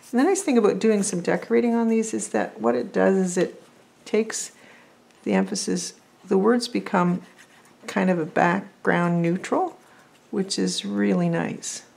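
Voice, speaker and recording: A woman's voice: medium pitch, gravelly, a little mellow. A woman vlogging as she makes paper crafts, chatty and thinking aloud as she works. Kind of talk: casual crafting chat.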